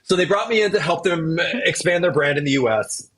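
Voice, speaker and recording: A man's voice: a little high, brisk. A middle-aged man, a podcast guest, telling his career story in casual conversation and acting out what others said to him. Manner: animated storyteller who acts out what others said.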